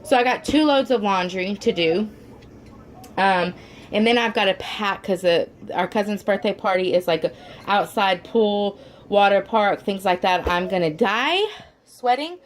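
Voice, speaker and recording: A woman's voice: mid-range voice, a little slow, a little hiss or hum. A woman and mother of four chatting casually to her camera at home, rambling, with lots of fillers and restarts, and the odd "y'all". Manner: homey, says "y'all". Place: at home, indoors.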